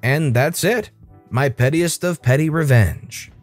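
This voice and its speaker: A man reading online stories aloud as a storytime channel narrator in a scripted, expressive style. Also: a little high, a little slow, soft background music.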